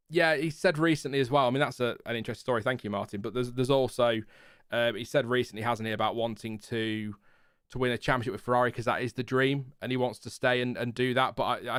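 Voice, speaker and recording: A man's voice: medium pitch, fairly even intonation, brisk, a bit bright, smooth, no echo, clean studio sound. Chatty man in his thirties. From Lincolnshire, England. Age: 30s. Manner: rambling, self-deprecating, chuckles often. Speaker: F1 channel host. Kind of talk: casual live-stream chat answering viewers.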